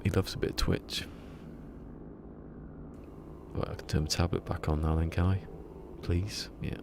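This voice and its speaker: A man's voice: deep voice, level tone, a little fast, gravelly, background noise. A man streaming a game and chatting casually to his viewers, rambling and laughing at his own jokes. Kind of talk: casual live-stream chat.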